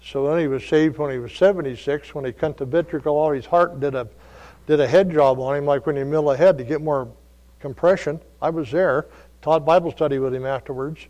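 A man preaching a sermon, telling stories in a folksy way that moves between quiet asides and loud calls. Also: a little high, a little fast, lo-fi sound. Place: church. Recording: long reverb of a church hall.

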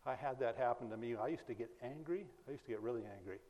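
A man's voice: medium pitch, fast, mellow. A man from the Berkeley, California area giving an informal sermon, telling personal stories in a conversational, folksy way and chuckling at his own jokes. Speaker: preacher. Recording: long hall reverb.

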